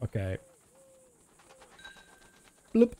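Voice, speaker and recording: Rambling man streaming a game. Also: extremely slow. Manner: rambling, relaxed, many fillers. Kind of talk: casual gameplay commentary.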